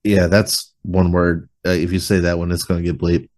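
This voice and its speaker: A deep-voiced man speaking at a moderate pace hosts a casual podcast through a webcam on a video call. He's relaxed and meandering, using "like" constantly.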